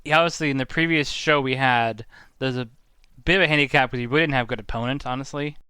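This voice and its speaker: Guy with a bright clear voice breaking down a wrestling match, chatty and analytical. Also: mid-range voice, fast, no echo. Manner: thoughtful, analytical, uses vivid comparisons. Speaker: podcast co-host giving opinions. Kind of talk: casual chat.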